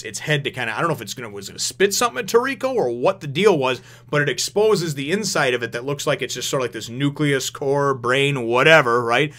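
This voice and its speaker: A man giving a casual manga review, rambling and animated, who swears freely and laughs often. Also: mid-range voice.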